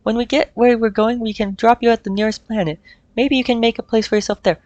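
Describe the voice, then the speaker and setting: A woman's voice: a little high, steady tone, fast, darkish tone, no room sound, muffled recording, natural voice. Woman reading as a somber male mercenary officer. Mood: brisk. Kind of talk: reading game dialogue aloud.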